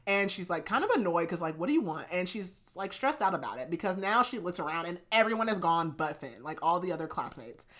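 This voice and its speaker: Podcast host, woman, lower voice, rambling casual book recap peppered with "like". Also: lively intonation, fairly quick, hardly any pauses, fairly bright tone. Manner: chatty plot recap full of "like", laughing often. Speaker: podcast host reviewing books. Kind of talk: casual chat.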